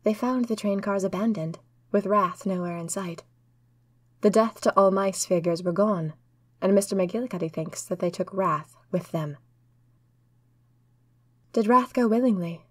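A woman telling a first-person diary story in an earnest, lively way. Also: mid-range voice, a little slow, long pauses, no room sound.

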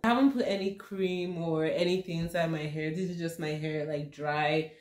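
A woman's voice: sits low, fairly even intonation, normal speed, hardly any pauses, darkish tone. A young woman from Nigeria chatting casually in a home vlog, with dramatic, panicky exclamations and laughter. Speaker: vlogger. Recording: roomy, distant home recording.

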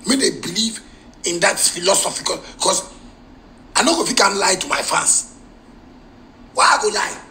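A man with a Ghanaian Pidgin English accent, a musician ranting heatedly in a live video and bursting into shouts. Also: high voice, animated, moderate pace, pauses often, slight background noise, poor audio.

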